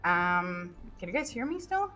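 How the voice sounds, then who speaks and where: A woman's voice: on the low side, very animated, measured pace, over music. Woman streamer doing cop-recruiter roleplay, giggly, lots of ums, voice going up and down. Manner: giggly, full of fillers and restarts. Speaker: streamer playing a police recruiter. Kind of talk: in-character roleplay chat.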